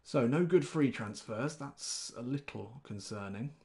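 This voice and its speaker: Man, mid-pitched voice, thinking aloud on a game stream, casual and rambling. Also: lively intonation, unhurried, warm tone. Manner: chatty, rambling, thinks aloud and greets chat viewers. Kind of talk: live-stream gameplay commentary.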